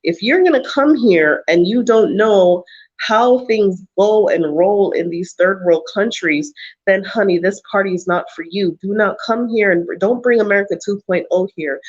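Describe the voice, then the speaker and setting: A woman's voice: mid-range voice, normal speed, highs cut off. A woman vlogger giving blunt advice to her viewers on a live chat stream. She talks in an emphatic, preachy way and repeats lines for stress. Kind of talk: casual livestream advice talk.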